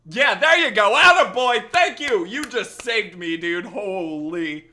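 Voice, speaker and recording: A gaming streamer's voice sits high and sounds bright and forceful; he's animated yet unhurried, with few pauses. In casual live-stream chat he jokes and teases his viewers, doing a playful accent that keeps slipping.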